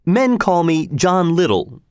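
Man playing a giant stranger, gruff, boastful, slow and lively. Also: sits high, no room sound, studio quality, pitched above the performer's own voice, exaggerated voice. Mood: proud. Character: huge, proud, blunt male stranger.

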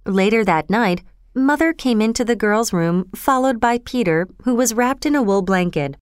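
A woman reads a children's story aloud with a lively, rising and falling delivery. Her voice is smooth and resonant. The recording is close and dry. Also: a little high, moderate pace, no echo. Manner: expressive, clear reading. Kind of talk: scripted children's story narration.

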